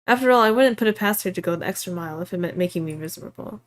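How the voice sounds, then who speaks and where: A woman voicing a bitter, suspicious old woman in a visual novel, sharp-tongued and quick to curse. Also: lowish voice, expressive, a little hiss or hum, lightly acted. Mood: puzzling. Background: game music.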